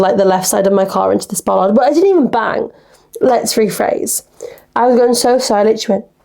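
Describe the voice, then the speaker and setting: A woman's voice: mid-range voice, creaky, warm tone. A young woman in her twenties hosting a casual solo podcast, rambling through stories and acting out the conversations in them. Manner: chatty, rambling storyteller, acts out conversations. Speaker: podcast host.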